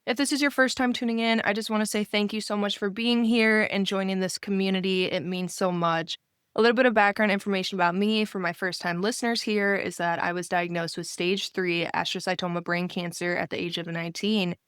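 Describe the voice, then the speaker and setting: A woman's voice: mid-range voice, fairly even intonation, fairly quick, a bit bright, clean tone, no echo, studio quality. Upbeat young woman podcast host. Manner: upbeat, chatty, enthusiastic. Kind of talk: podcast interview.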